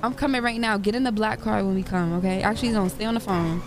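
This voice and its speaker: A woman streamer roleplaying a character, bossy and teasing in quick banter. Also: medium pitch, fairly even intonation, noisy background.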